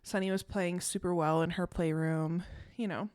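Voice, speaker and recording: A young woman in casual chat, co-hosting a podcast, retelling a story in a chatty, animated way. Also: on the low side, moderate pace, clean tone, dry recording, clean studio sound. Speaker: podcast co-host.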